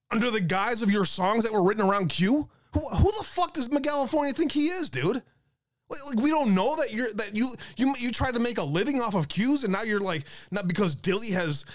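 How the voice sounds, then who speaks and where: A man's voice: high voice, a bit bright, no echo, studio quality. A man hosting an online talk stream, ranting in a profane, exasperated way and reading out viewer comments.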